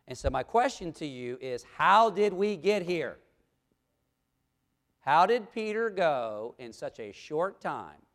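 A man's voice: sits high, fairly bright tone. A man preaching a sermon, asking the congregation questions and reading scripture aloud. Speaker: pastor.

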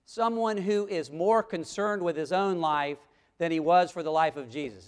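A man's voice: fairly high pitch, normal speed, smooth. A man preaching a sermon, asking the congregation questions and reading scripture aloud. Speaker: pastor.

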